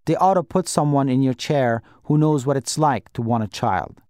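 A man's voice: mid-range voice, normal speed, darkish tone, smooth, no echo, studio quality, lightly acted. A man reading aloud the lines of a frustrated adult man who speaks in an indignant, pressing way.

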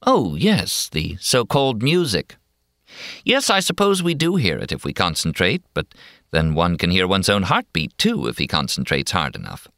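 A man's voice: low voice, wildly swooping pitch, moderate pace, fairly bright tone, dry recording, studio quality, heavily acted. A man voicing a prim, over-educated male patient who speaks in precise, genteel, faintly mocking phrases in an audiobook. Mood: condescending.

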